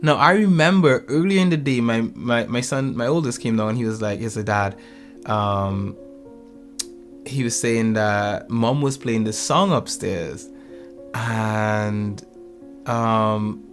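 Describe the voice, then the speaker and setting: Guy in his 30s telling a funny story about his kids, animated, quotes everyone, soft guitar music behind. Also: mid-range voice. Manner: animated, acts out family quotes, laughs often. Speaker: podcast co-host. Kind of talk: casual storytelling chat.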